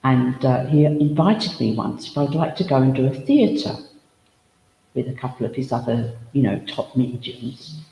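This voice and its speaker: A man's voice: medium pitch, lively intonation, measured pace, gravelly, dull audio. A man working as a spiritualist medium, giving a chatty, humorous demonstration at a service in a village hall. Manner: chatty and humorous, full of asides and anecdotes. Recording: echoey hall reverb, faint noise.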